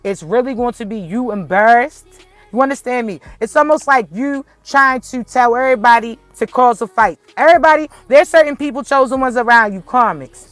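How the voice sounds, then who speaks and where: A woman's voice: fairly high pitch, brisk, no echo, soft background music. A woman giving a casual spiritual message to viewers, speaking bluntly and swearing freely. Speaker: spiritual reader.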